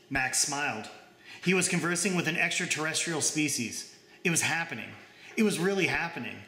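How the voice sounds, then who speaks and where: A young man reading his own short story aloud in even, plain narration. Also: on the high side, brisk, roomy sound. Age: young adult.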